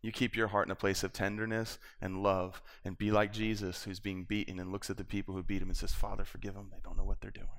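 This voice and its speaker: A man's voice: lowish voice, flat delivery, quick pace, few pauses, a bit bright. A man preaching, telling a personal story with acted-out quotes and laughter. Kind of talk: sermon storytelling. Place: church.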